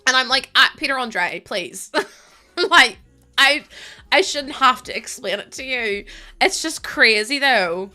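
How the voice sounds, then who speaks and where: A young woman chats on a live stream in a bright, slightly high voice. She reads out messages, thanks followers and laughs easily. Faint music runs quietly underneath. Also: expressive, unhurried, pauses often. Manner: chatty, laughs often, reads out and thanks chat. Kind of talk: casual live-stream chat.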